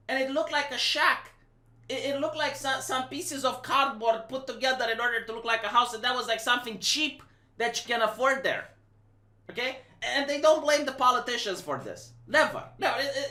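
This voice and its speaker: This is a woman with a Romanian accent delivering casual commentary in a bright, forward voice. She is blunt and emphatic, and she often repeats herself and restarts her phrases. Her voice echoes in a roomy space. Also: on the high side. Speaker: live-stream commentator. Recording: roomy echo.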